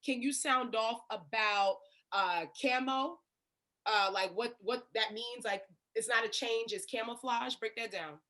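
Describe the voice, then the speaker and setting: A woman's voice: a little high, a little slow, bright, forceful tone. A woman moderating a casual panel, upbeat and affirming, with slangy asides.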